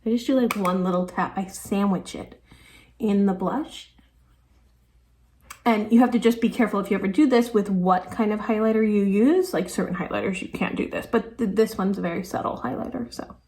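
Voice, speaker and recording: A woman's voice: medium pitch, normal speed, a little mellow. A woman in her thirties, a teacher and beauty vlogger, chatting casually and thinking aloud while doing her makeup. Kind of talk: casual makeup tutorial chat.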